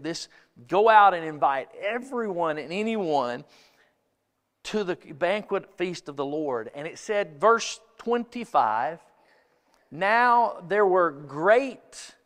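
A man preaching a sermon as pastor, telling stories in an animated way, acting out quotes and laughing along. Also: fairly high pitch, in a large hall. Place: church sanctuary.

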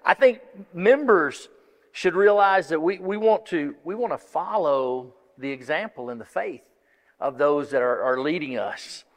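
A man's slightly high voice, with lively intonation and an unhurried pace, fills a church sanctuary as he preaches and shares announcements. The pastor is folksy and rambling, with frequent restarts, and the recording carries a large hall's long reverb.

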